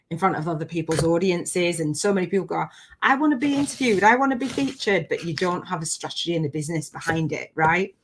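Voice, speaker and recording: A woman hosting a live online coaching session in a gushing, animated way, sometimes near tears. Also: fairly low pitch. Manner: gushing, animated, often laughing; emotional, near tears at times. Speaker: spiritual business coach hosting a live challenge. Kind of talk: live-streamed coaching chat.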